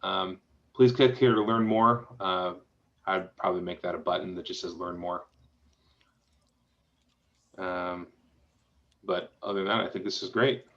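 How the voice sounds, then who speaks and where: A man with a fairly low voice walks through a website and gives friendly, easygoing suggestions as he thinks aloud. The sound is dull and lo-fi, as from a video call. His tone stays relaxed and encouraging. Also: a little slow, pauses often. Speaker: web design reviewer. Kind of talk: casual spoken feedback while reviewing a website.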